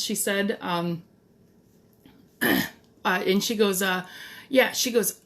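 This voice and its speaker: A woman's voice: mid-range voice, takes it slowly, long pauses. A middle-aged woman talking casually to the camera in a DIY vlog, chatty and blunt, with some mild swearing. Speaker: DIY vlogger.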